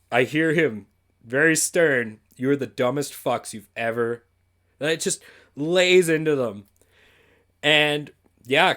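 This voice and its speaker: A man's voice: medium pitch, a bit bright. A man from Canada, a podcast co-host, telling a school story in casual chat and swearing freely.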